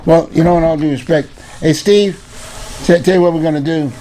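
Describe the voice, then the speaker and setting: A man's voice: fairly high pitch, steady tone, a little fast, background noise. An older man hosting a casual talk show, pressing his point, repeating himself and talking over his guests. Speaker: host.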